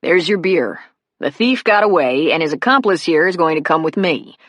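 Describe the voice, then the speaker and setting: A woman reading a calm, firm male cop. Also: low-pitched, no echo. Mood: firm, wry. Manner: wry, steady, unhurried.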